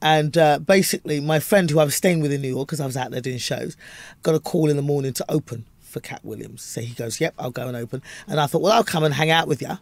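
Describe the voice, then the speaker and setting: Brief: London woman, Cockney accent, comedian guest, lively storyteller, dry studio sound. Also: deep voice, fast, vocal fry, no room sound. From London, England. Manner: animated storyteller, acts out voices. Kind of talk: interview chat.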